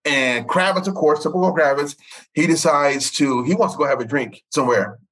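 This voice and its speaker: A man in his forties, a sportswriter, telling stories in an animated way and tripping over repeated words. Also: a little fast, breathy edge, rough recording. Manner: animated, repeats words, jumps up in pitch for quoted voices. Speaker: sportswriter guest. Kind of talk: storytelling in conversation.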